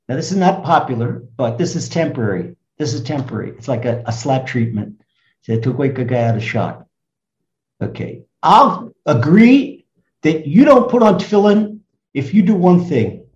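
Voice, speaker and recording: Animated older rabbi in a roomy space. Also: male voice, a little high, normal speed, lo-fi sound. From United States. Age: 70s. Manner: emphatic, swings from loud to hushed. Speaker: rabbi and guest speaker. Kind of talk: animated storytelling in conversation.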